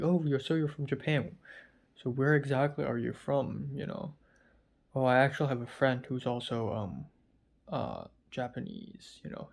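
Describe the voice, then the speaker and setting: A man's voice: medium pitch, vocal fry, a little mellow. A sleepy man from Hong Kong, rambling through a casual video diary with lots of fillers. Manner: rambling, halting, many fillers. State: tired and sleepy. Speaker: vlogger.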